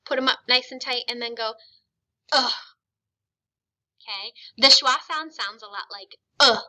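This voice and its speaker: Bright, encouraging woman teacher. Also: fairly high pitch, low-quality recording. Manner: patient, encouraging, models sounds slowly. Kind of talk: classroom phonics lesson.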